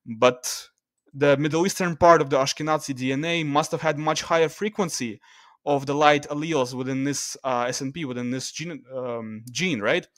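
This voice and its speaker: A man talking through charts in a casual screen-share video, loose and halting, with restarts and fillers as he reads the numbers. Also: fairly high pitch, fairly bright tone, no room sound, clean studio sound. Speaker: video creator.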